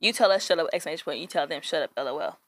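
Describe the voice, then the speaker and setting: A woman's voice: deep voice, very fast, dry recording. A playful woman co-hosting a casual podcast. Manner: playful, laughing, lively back-and-forth. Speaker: podcast co-host. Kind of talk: casual chat.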